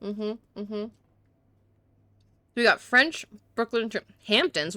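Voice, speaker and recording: A woman's voice: mid-range voice, lively intonation, takes it slowly, bright, forceful tone, dry recording. A woman streamer in casual game commentary, chatty and self-deprecating, talking to her chat on a close mic.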